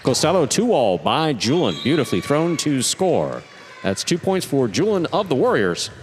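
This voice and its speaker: A man calling live play-by-play, his voice leaping up on exciting plays and settling back to explain them. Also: on the high side, normal speed, a little hiss or hum. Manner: animated, voice jumps up on exciting plays. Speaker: play-by-play commentator. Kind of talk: live sports commentary.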